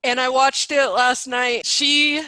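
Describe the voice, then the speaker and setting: Bright high-voiced woman host in her thirties. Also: level tone, slow pace, dry recording, low-quality recording. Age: 30s. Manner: emotional, spiritual, talkative. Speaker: podcast host. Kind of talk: casual interview chat.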